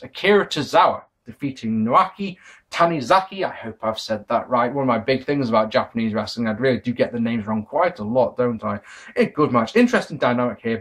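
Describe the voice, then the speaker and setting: Excitable man reviewing wrestling. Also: medium pitch, slightly rough. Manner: excitable, swears freely, self-correcting. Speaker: video reviewer. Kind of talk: casual wrestling DVD review.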